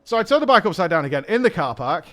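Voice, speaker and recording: Animated swearing man telling a story. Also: sits high, very fast. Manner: animated, swearing, mimics people in his story. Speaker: streamer host. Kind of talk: casual storytelling chat. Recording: faint music underneath.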